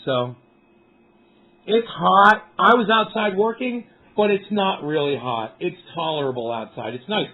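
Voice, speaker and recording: A man rambles through a casual live stream from outdoors on a mountain, cursing freely and calling out to his viewers. His voice sits high for a man. The audio is thin and tinny, as if sent over a phone line. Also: animated, a little slow. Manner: rambling, profane, talks to chat viewers. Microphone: cell phone.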